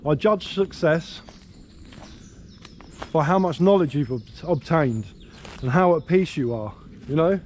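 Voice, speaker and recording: Brief: English man, outdoor vlogger, easygoing ramble, mellow tone, slightly raised pitch, on-camera mic in woodland. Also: lively intonation, measured pace. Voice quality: slight slurring from a missing tooth. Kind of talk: casual outdoor vlog. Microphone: handheld camera. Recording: faint outdoor noise, birdsong.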